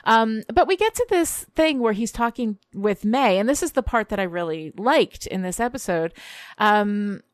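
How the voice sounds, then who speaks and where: A woman's voice: medium pitch, animated, moderate pace, dry recording. A woman chatting casually on a podcast, rambling with frequent fillers and sarcastic asides. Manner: rambling, lots of "you know", sarcastic asides. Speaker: podcast co-host. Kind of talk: casual chat reviewing a TV episode.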